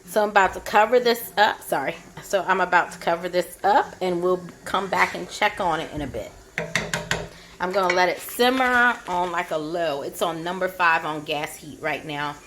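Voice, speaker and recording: A woman's voice: on the low side, normal speed, noisy background. A woman vlogging her home cooking, chatting through each step as she shows the food. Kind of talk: cooking demonstration.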